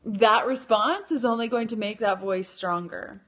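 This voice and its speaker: A woman's voice: medium pitch, unhurried, a bit bright. A woman hosting a casual live stream, chatty and loose, using lots of fillers and correcting herself as she goes. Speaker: podcast host and keto blogger.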